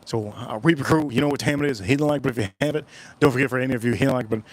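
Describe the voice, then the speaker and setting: A man hosts a casual livestream in a rapid-fire, medium-pitched voice. He rambles and repeats his phrases while chatting with viewers at home.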